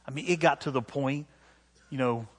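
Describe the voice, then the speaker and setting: A male pastor preaching with a slightly husky voice. He tells a story against himself with lively, animated delivery and acts out quotes, then moves into an earnest invitation to prayer. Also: mid-range voice, moderate pace. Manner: animated, self-deprecating storytelling with acted-out quotes. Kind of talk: sermon.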